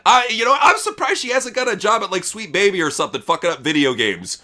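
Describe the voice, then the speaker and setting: A man's voice: high voice, very animated, fast talker, hardly any pauses, pushed and bright. A man hosting a casual wrestling news podcast, crude and mocking, laughing often. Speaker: podcast host.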